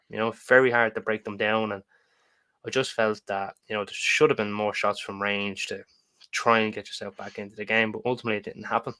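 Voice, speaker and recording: A man co-hosting a football podcast, speaking conversationally. His tone is bright and pressing, and he stammers as he starts his points. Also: fairly low pitch. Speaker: podcast co-host. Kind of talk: casual football podcast chat.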